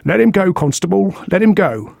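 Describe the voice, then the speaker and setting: A man voicing a blunt, brisk little police inspector in an audiobook mystery. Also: high voice, big pitch swings, vocal fry, darkish tone, dry recording, clean studio sound, pitched above the performer's own voice, full character voice. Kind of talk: audiobook character voice.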